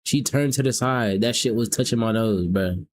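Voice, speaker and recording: A man's voice: on the low side, normal speed, a little hiss or hum. A young man from the South, hosting a live stream and teasing strangers in casual, profane chat. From American South. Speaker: livestream host.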